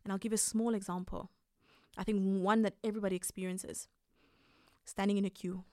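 Animated woman, dry close sound. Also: medium pitch, fairly quick, no room sound. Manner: animated, acts out quoted reactions, laughs often. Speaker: podcast host. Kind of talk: casual advice monologue.

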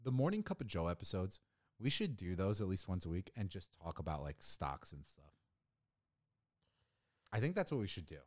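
A man's voice: low-pitched, sing-song, moderate pace, long pauses. A young man co-hosting a casual podcast chat, rambling with lots of "like," restarts and swearing. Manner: rambling, profane, many restarts and fillers. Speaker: podcast co-host.

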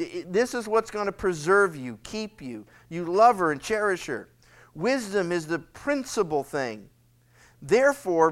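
A male pastor teaching a Bible study in a conversational, animated way, acting out a father's pleading. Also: high voice.

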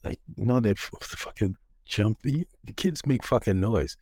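A man's voice: fairly low pitch, animated, normal speed, dark tone, slightly rough, no echo, studio quality. A man co-hosting a podcast, chatting casually with wry, teasing remarks. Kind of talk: casual chat.

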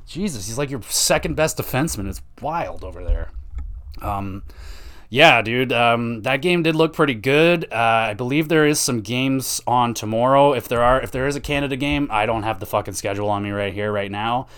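Young male solo podcast host, mid-pitched, swears constantly, rambles excitedly. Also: moderate pace, clean tone. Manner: profane, rambling and excitable, with lots of slang filler. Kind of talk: casual solo podcast rant.

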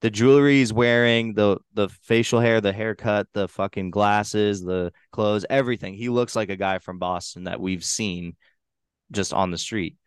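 Man, New Hampshire accent, podcast host, rambling casual chat, fairly low voice, dry close sound. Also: steady tone, moderate pace, clean tone, no room sound. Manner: loose, rambling, swears casually. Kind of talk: casual movie review chat.

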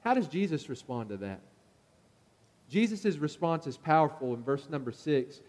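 High-voiced preacher in an echoing hall. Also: male voice, normal speed. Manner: animated, acts out the scolding crowd's lines. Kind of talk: sermon. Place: church sanctuary. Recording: long church hall reverb.

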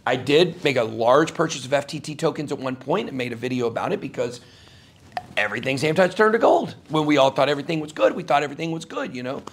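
A man's voice: mid-range voice, lively intonation, quick pace, breathy edge. A man as an interview guest before a live audience, telling a story in an emphatic, rambling way, his voice jumping up sharply when he gets worked up.

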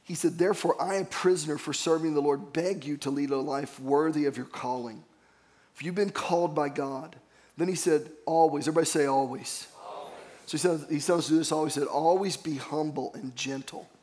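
A man's voice: on the high side, brisk, a little mellow. A man pastor preaching a sermon, earnest and storytelling, calling on the congregation to repeat phrases after him.

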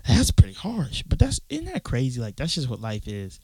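Gravelly, animated young man ranting. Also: mid-range voice, normal speed, few pauses, no echo, low-quality recording. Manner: profane, rambling, animated. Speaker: podcast host. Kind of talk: casual solo podcast rant. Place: his closet. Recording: dry closet recording.

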